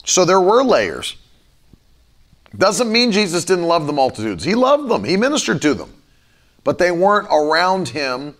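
A man's voice: high voice, fairly bright tone. A man preaching a conversational sermon, acting out his own irritated thoughts as he goes. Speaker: pastor.

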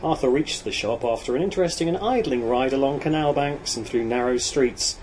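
A man reads a novel aloud at a steady, measured pace. His voice sits at an ordinary middle pitch. A faint hiss runs under the recording. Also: low-quality recording. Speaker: audiobook narrator.

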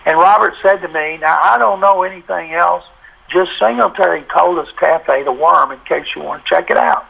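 A man, a sportswriter, telling a story in a lively way and acting out the voices of the people in it. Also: fairly high pitch, normal speed, creaky, slightly rough, narrow, tinny audio. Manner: animated, acts out quoted voices. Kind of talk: anecdotal storytelling.

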